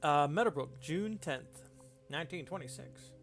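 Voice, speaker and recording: A man voicing a formal, upbeat 1920s male newsreader who reads a period news article aloud in a measured, announcing manner. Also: a little high, animated, a bit bright, soft background music.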